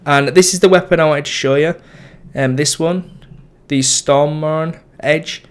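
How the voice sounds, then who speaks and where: Rambling young gamer. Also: male voice, on the high side, steady tone, a little slow, clean tone. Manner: rambling, lots of ums and self-corrections. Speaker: gaming YouTuber. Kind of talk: casual gameplay commentary.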